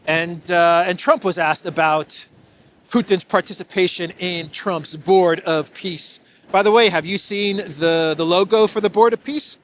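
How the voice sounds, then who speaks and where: A man's voice: high voice, unhurried. A man giving casual solo political commentary, sarcastic and chuckling, with frequent restarts.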